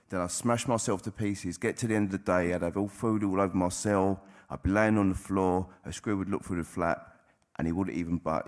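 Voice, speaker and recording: A man giving a candid personal testimony to an audience, speaking bluntly and swearing freely. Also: low-pitched. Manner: blunt, plain-spoken, with frequent swearing. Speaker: recovering addict sharing at a convention.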